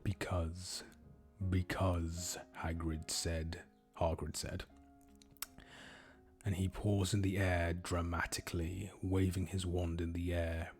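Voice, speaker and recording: Man, very low voice, monotone, slow, deadpan reading, faint music underneath. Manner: deadpan, unhurried, low-key. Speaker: streamer reading fan fiction aloud. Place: home streaming setup.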